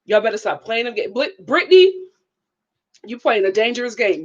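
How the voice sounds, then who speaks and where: Lively high-voiced woman reviewing TV. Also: moderate pace, pauses often, muffled recording. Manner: animated, laughs often, acts out quotes. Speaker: reality TV reviewer, channel host. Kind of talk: casual live show review.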